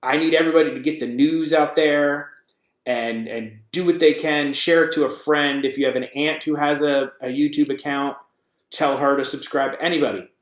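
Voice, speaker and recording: A man co-hosting a loose podcast chat, upbeat and quick to cut in with a teasing joke. His voice sits a touch high for a man. It rings around an echoey room. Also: steady tone. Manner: upbeat, teasing, jumps in with jokes. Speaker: co-host.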